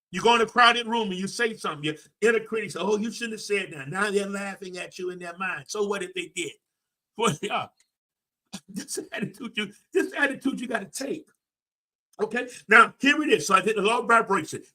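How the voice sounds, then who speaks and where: A man's voice: sits high, pushed and bright. A man, a personal development coach giving a preachy, emphatic motivational talk to a livestream audience, speaking folksy and direct.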